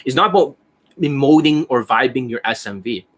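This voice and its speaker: A blunt, foul-mouthed dating coach in his forties, talking casually and demonstrating as he goes. His voice is bright and forward, with a husky, slightly rough edge. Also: mid-range voice, expressive, moderate pace. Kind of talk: casual instructional talk.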